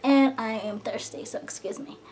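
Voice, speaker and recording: Breathless, fast-talking young woman vlogger. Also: a little high, darkish tone, a little hiss or hum. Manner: fast-talking, chatty, lots of "like" and "you know". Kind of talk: casual chat to camera.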